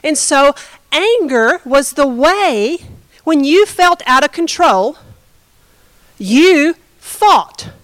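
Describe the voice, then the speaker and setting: A woman's voice: high-pitched, animated, extremely slow, a bit bright, no echo, rough recording. A woman pastor giving a conversational sermon, often asking the congregation questions.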